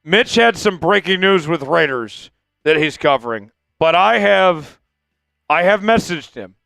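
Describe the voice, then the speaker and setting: Gravelly tipsy livestream host, man. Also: on the high side, animated, unhurried, a bit bright, no room sound. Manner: hype chants swinging to emotional thanks. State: drinking, tipsy. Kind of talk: live fan-stream chat.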